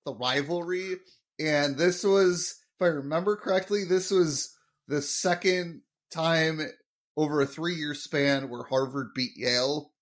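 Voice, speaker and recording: A man's voice: on the high side, a little slow. A man co-hosting a podcast in casual chat, joking, laughing often and explaining sports trivia. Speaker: podcast co-host. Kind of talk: casual episode recap chat.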